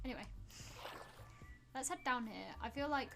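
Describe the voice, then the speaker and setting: A woman's voice: sits high, moderate pace, vocal fry. A woman live-streaming a game, chatting playfully with her viewers and teasing them in mock outrage. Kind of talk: live-streamed gameplay chat, talking to viewers. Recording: background music playing under the voice.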